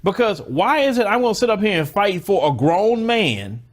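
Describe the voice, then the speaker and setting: A man's voice: high voice, big pitch swings, moderate pace. A man hosting a commentary channel, reacting to a news clip in a blunt, mocking way.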